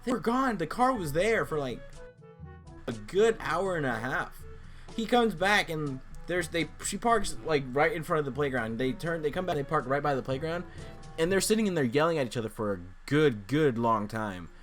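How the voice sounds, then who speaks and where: A man's voice: fairly high pitch, animated, normal speed, fairly bright tone, soft background music. A young man vlogging casually, telling a rambling story and acting out the voices of people he quotes.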